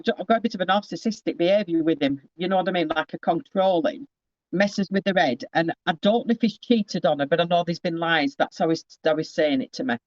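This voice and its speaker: A man's voice: high voice, no room sound, muffled recording. A man giving a casual psychic reading over a video call, rambling and often breaking off with asides.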